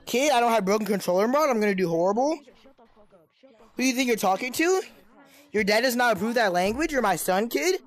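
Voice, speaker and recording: A woman's voice: a little high, animated, a little fast. A young woman trash-talking other players in game voice chat, repeating taunting, mock-tough insults. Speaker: gameplay streamer.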